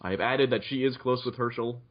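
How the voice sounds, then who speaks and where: A man's voice: medium pitch, brisk, muffled recording. A man making dry, wry remarks and explaining the story notes while playing a tabletop game with friends. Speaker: tabletop game player who keeps the notes. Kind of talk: casual chat during a tabletop story game.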